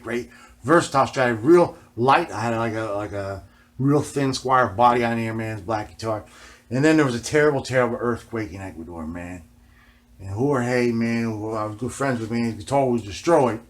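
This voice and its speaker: A man vlogging in a casual, rambling way, swearing often and ending nearly every phrase with "man". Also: mid-range voice. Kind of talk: casual rambling vlog talk.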